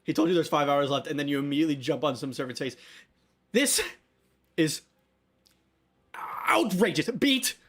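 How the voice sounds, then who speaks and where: A man's voice: on the high side, fairly even intonation, racing, hardly any pauses, background noise. A young man running a tabletop game as game master, casual and joking, often breaking into laughs.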